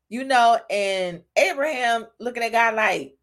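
A woman's voice: a little high, a little slow. A woman hosting a casual devotional talk, talking straight to her listeners and growing emotional. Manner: conversational, asks listeners "y'all" and "right?", grows emotional. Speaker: podcast host giving a devotional talk.

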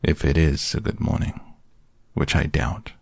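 A self-pitying old donkey, put on by a male reader, drags every word out in deep gloom. The voice is low and gravelly with a husky grain, heard close and dry. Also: a little mellow, no echo, exaggerated voice. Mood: gloomy. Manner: slow, mournful, self-pitying.

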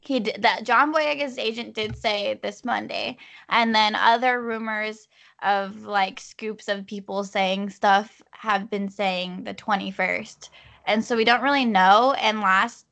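Bright-voiced excitable woman. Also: medium pitch, a little slow, gravelly. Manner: excitable, gushing, many "like" fillers. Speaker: guest podcaster. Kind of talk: casual live podcast chat.

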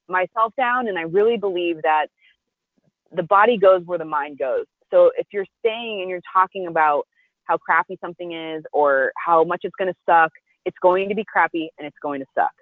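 A woman's voice: fairly low pitch, dry recording, phone-quality sound. Woman telling a story over a thin line. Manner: animated, acts out the voices of people she quotes; conversational, with frequent "like" and restarts. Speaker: guest, restaurant founder. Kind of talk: personal storytelling in an interview.

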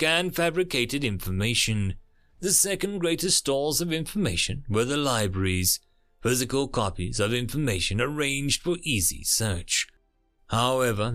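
A man reading a dramatic science fiction story aloud as its narrator, with an expressive reading style. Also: medium pitch.

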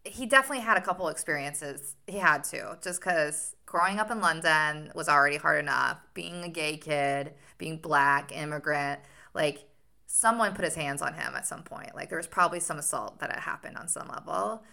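A young woman co-hosting a casual book-discussion podcast, chatty and animated, with many likes and restarts. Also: low-pitched, moderate pace, creaky. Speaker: podcast co-host.

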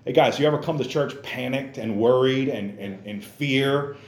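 A man preaching a casual, animated sermon in church, acting out characters in exaggerated voices and using youthful slang. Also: medium pitch, normal speed, roomy sound. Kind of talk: lively sermon.

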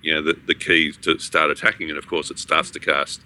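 A man's voice: rumbling low, level tone, a little fast, pushed and bright. A man co-hosting a gaming podcast, talking in a rambling casual way with many restarts and fillers. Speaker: podcast co-host.

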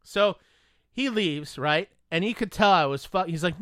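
A man telling a story in casual chat, animated and profane, acting out both sides of a conversation. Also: high-pitched, a little slow, dry recording, clean studio sound.

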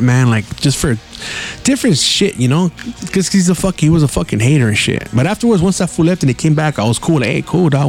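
A man's voice: fairly high pitch, darkish tone. A man hosting a podcast, telling stories in a casual solo style, swearing freely and dropping Spanish words into his talk. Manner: profane, slangy, drops Spanish words. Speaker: podcast host.

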